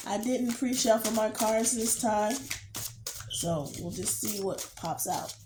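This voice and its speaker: A woman with a stuffy, nasal voice from a cold, hosting a casual tarot reading in a slow, hesitant way with many pauses. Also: mid-range voice, reverberant, heavy background noise. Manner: slow, hesitant, many ums, murmurs quietly while shuffling cards. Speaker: tarot reader, channel host.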